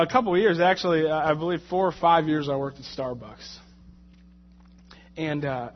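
A young man preaching a sermon in an animated, joking way, often repeating words as he goes. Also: a little high, slight background noise. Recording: muffled, in a reverberant hall.

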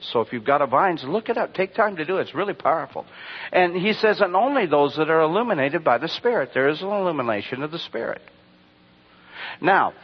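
A man's voice: fairly high pitch, slightly rough. A man preaching a sermon, telling rambling stories and asking the congregation rhetorical questions. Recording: dull lo-fi recording.

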